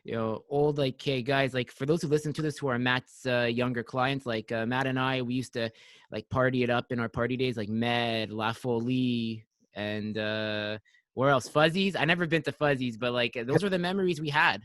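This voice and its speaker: A man's voice: mid-range voice, steady tone, moderate pace, a bit bright, dry recording. Podcast host guy, emphatic, keeps saying like, dry close mic. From Quebec. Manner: emphatic, repeats himself, many "like" fillers. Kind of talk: casual chat.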